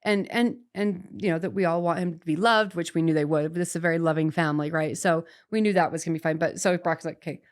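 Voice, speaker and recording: A woman in her forties, a podcast guest, tells a personal story in a chatty, animated way, full of restarts and little "right?" checks. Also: fairly low pitch, fast, hardly any pauses. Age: 40s.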